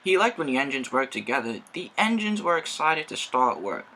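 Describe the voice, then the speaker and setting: A man narrating a children's train story in a lively storyteller's manner. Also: mid-range voice, normal speed, a little hiss or hum.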